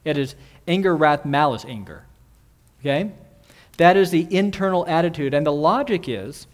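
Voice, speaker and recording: A man's voice: a little high, animated, normal speed. A man preaching an expository sermon in an earnest way, repeating key phrases and asking the listeners questions. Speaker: pastor.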